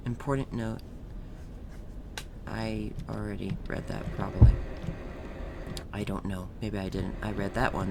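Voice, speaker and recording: A man's voice: on the low side, steady tone, slow pace, gravelly, pauses often, very noisy. Emotional man commentating a game. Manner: emotional, swings from hushed whispers to loud cheering. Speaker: game streamer. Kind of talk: let's play commentary.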